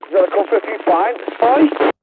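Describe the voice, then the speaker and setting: A woman's voice: medium pitch, expressive, a little fast, heavy background noise. Manchester woman on cb radio, tinny and staticky, swearing and needling, keeps saying the same insult over and over. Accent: Mancunian. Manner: crude, taunting, repeats insults. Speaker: CB radio operator. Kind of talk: abusive radio banter.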